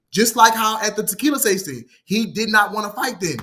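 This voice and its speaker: A man's voice: sits high, fairly quick. A man in his thirties, a guest in a casual interview, telling a story with energy and acting out what others said. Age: 30s. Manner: animated, acts out quoted dialogue, frequent "you feel me". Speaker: guest, former assistant.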